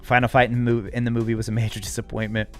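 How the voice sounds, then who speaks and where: A chatty American man hosting a live stream in an easygoing, mid-pitched voice. He answers viewers' comments one after another with a relaxed chuckle. Faint music plays underneath. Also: rapid-fire. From United States. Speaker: livestream host. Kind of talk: casual live-chat talk.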